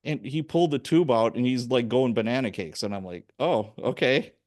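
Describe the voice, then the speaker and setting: A man hosting a podcast conversation, telling stories casually and acting out other people's lines as he goes. His voice sits at a medium pitch and his delivery is loose and animated. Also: brisk. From Chicago area. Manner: animated storyteller, acts out quoted voices. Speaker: podcast host.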